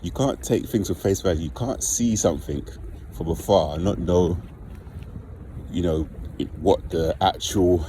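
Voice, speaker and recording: A man with a low, deep voice talks straight to his viewers in a loose, rambling vlog. He leans on "like" as he works through what happened. Steady traffic noise carries behind him. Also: measured pace, low-quality recording. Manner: rambling, informal, heavy use of "like". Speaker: vlogger. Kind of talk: casual storytelling monologue.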